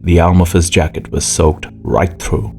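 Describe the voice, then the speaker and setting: A man narrating an audiobook in a measured, expressive way. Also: deep voice, vocal fry. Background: faint music.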